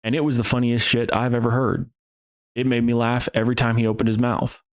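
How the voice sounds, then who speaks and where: A man's voice: medium pitch, flat delivery. A man hosting a podcast, talking in a casual, rambling monologue full of restarts and the odd curse word. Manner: rambling and profane, with restarts and trailing pauses. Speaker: podcast host.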